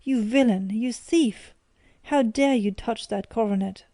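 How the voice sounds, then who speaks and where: A woman's voice: medium pitch, level tone, normal speed, mellow, no echo, lightly acted. A woman voicing a proud, stern older male banker who bursts out in indignant accusations. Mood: furious.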